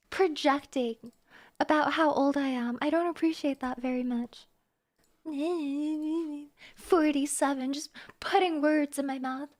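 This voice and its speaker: High-voiced, unhurried woman streamer. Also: fairly even intonation. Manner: wry, teasing, with laughs and restarts. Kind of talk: casual live stream chat.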